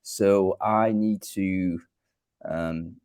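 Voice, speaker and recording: Hesitant low-voiced male host. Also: fairly even intonation, extremely slow, a little mellow, smooth. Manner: hesitant, many ums and restarts. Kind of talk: casual livestream talk. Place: room by a sunny window in Lisbon.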